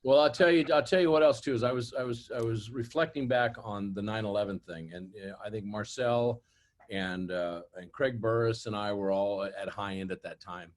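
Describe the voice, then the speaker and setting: A man's voice: on the low side, normal speed. A man telling rambling, profane stories on a casual industry call. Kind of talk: casual chat.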